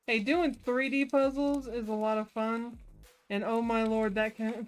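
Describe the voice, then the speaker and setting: A woman's voice: a little high, level tone, measured pace, faint music behind. A woman hosting a craft livestream, chatting casually, swearing freely and laughing easily as she works. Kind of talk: casual chat while crafting.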